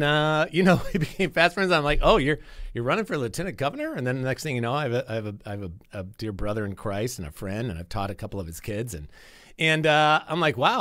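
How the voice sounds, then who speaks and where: A middle-aged man hosting his radio show from the studio, talking earnestly in a casual, rambling flow and repeating himself as he restarts his sentences. His voice sits at an ordinary pitch and sounds close and dry, with no room around it. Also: a bit bright, no echo. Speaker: radio host.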